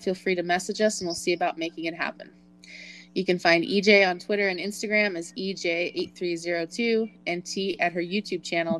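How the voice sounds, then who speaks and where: A woman co-hosting a podcast who chats with small hesitations and then reads the show's sign-off smoothly and steadily. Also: on the low side. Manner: hesitant with fillers in chat, smooth and steady when reading the sign-off. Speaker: podcast co-host. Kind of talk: casual chat, then a read-out outro.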